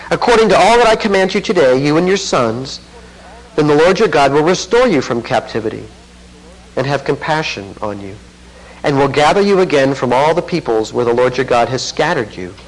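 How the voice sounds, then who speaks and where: Animated and fairly quick, a man preaches an expository sermon on a low-quality recording, reading scripture aloud and commenting with earnest intensity. His voice builds to fervent emphasis, then drops down low.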